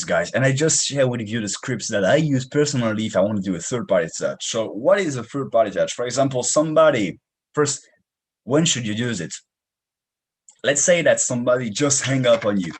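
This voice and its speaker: A young man with a French accent giving an energetic, punchy sales training talk, slangy and direct. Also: medium pitch, a little fast, slightly rough, poor audio. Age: young adult. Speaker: sales coach.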